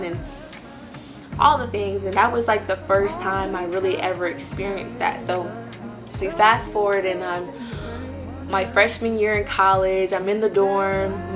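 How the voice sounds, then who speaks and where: A young woman host telling her faith story in casual, animated talk, acting out what people said. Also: medium pitch, a little slow, over music. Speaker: video host. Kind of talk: casual testimony.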